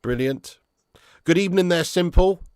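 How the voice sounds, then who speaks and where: A man's voice: high-pitched, moderate pace, a little mellow, clear, resonant tone, dry recording, studio quality. Chatty man reading live chat. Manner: casual, banter, laughs often, calls viewers lad and mate. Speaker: football fan channel host. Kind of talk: live stream chat reading viewer comments.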